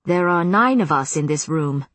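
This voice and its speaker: A woman's voice: low-pitched, expressive, moderate pace, a bit bright, no room sound. A woman voicing a young male vampire in a deceptively conversational tone. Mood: calm.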